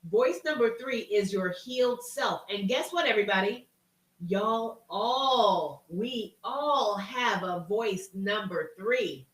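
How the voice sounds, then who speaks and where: A woman's voice: medium pitch, lively intonation, slow, distant mic. Woman host in a roomy space. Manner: reads out chat names, folksy and encouraging. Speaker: live-stream host and coach. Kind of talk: casual live-stream talk. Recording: roomy sound from off-mic.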